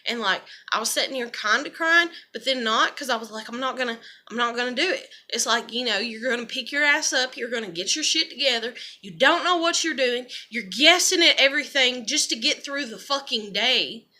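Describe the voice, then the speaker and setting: A woman's voice: fairly high pitch, lively intonation, brisk, hardly any pauses, bright, forceful tone. A woman, talking through her feelings in a rambling, emotional monologue full of swearing. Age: 30s. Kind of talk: confessional vlog monologue.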